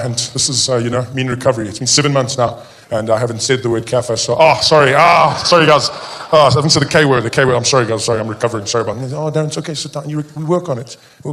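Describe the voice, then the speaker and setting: A man's voice: medium pitch, a bit bright, a little hiss or hum. A South African man doing a stand-up comedy set on stage, rambling and self-interrupting with a playfully provocative edge. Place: comedy stage before a live audience.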